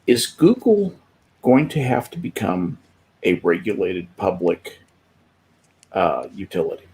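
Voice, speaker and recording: A man's voice: sits low, sing-song, dark tone. An older man, a grandfather, chatting as a panel guest and often restarting his sentences. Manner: halting, with many restarts. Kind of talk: casual chat.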